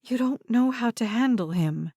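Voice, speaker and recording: A woman's voice: a little high, animated, moderate pace, dark tone, breathy edge, no echo, clean studio sound. A woman voicing a strained young woman who pleads urgently.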